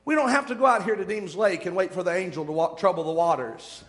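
A preacher with a very high voice delivers a fervent sermon, stretching out scripture phrases for weight. The sound rings with the long reverb of a church hall. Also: male voice. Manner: fervent, slows to drawn-out emphasis on scripture.

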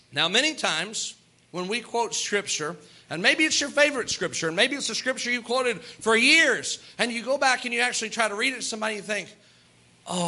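A man preaching a sermon as pastor, earnest, with quick asides and little laughs. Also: high voice, pushed and bright.

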